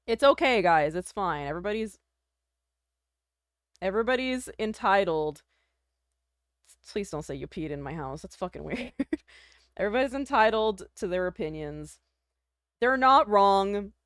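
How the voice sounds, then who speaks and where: A woman's voice: mid-range voice, lively intonation, moderate pace, pauses often, smooth, no echo, studio quality. A woman streaming live, chatting casually with her viewers, self-deprecating, laughing often and swearing freely.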